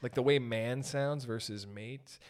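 A man's voice: medium pitch, measured pace, darkish tone. Laid-back man, wry podcast host. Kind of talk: casual chat.

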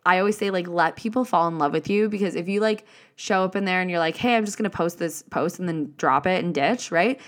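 Gushing woman podcast host, low-ish voice. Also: fairly quick. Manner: swearing, gushing, uses many "like" fillers. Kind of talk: motivational solo podcast talk.

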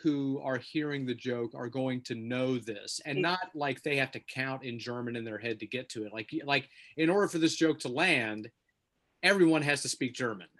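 A man's voice: mid-range voice, normal speed, a bit bright. A man co-hosting a podcast in casual chat, hedging and rambling with lots of fillers. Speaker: podcast co-host telling jokes.

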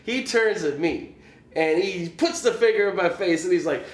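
This man's voice is high-pitched and expressive, moving at a moderate pace. As a musician guest, he spins a rambling gig story packed with "you know" and laughter, recorded in an echoey room in Kansas City.

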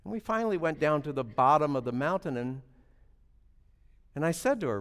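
A male preacher telling a story in a sermon with a lively, rising and falling pitch. He swings from loud emphasis to hushed asides and often stumbles over repeated words. Long reverb trails his voice around a large hall. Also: fairly quick.

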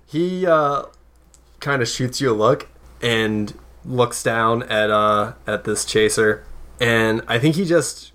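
A man narrating as game master in a tabletop game, in a relaxed, halting way. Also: mid-range voice. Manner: relaxed, hesitant narration with fillers.

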